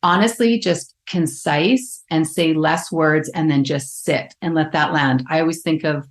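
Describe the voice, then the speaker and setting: A woman's voice: deep voice, measured pace. A woman co-hosting a podcast as a relationship psychologist, reflective and explaining through everyday analogies. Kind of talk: casual podcast conversation.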